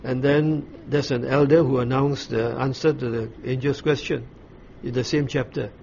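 A man leads a Bible study, walking through a passage in a measured, explanatory way, pausing and restarting as he thinks. His mid-pitched voice comes through a slightly dull recording with faint background noise. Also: fairly even intonation, creaky, darkish tone. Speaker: Bible teacher.

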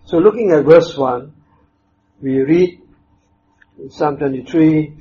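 A man preaching a sermon, speaking in a measured, emphatic way with pauses and fillers. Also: on the high side, warm tone, slight background noise. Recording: dull lo-fi with faint ambience.

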